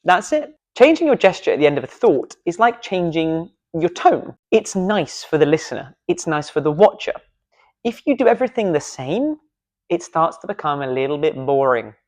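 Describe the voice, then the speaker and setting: A man's voice: on the high side, big pitch swings, normal speed, darkish tone. A man coaching public speaking in a casual video lesson, playful and self-deprecating, demonstrating gestures as he talks in a studio.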